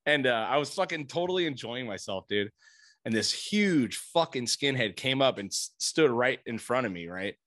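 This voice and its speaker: A man in casual chat, telling an animated, profane story and laughing often. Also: medium pitch, moderate pace.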